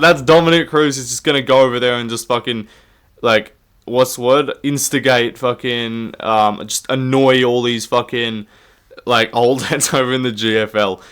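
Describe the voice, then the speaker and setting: A man's voice: medium pitch, a bit bright, clear, resonant tone. Rambling jokey young man. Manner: rambling, jokey, swears often, laughs at himself. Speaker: YouTube MMA commentator. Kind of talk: casual comedic commentary.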